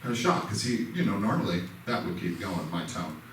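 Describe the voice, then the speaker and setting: A man's voice: low-pitched, sing-song, a little fast, a bit bright. A man giving a casual, conversational lesson at a church, telling personal stories. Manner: conversational, self-deprecating, acts out quoted dialogue. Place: church sanctuary. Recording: echoey hall, mic far off, faint noise.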